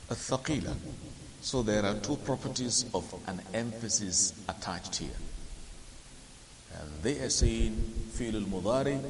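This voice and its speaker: A man teaching a Quran and Arabic grammar lesson, explaining slowly, quizzing his listeners and chanting the Arabic verses. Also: on the low side. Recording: hissy recording with long reverb.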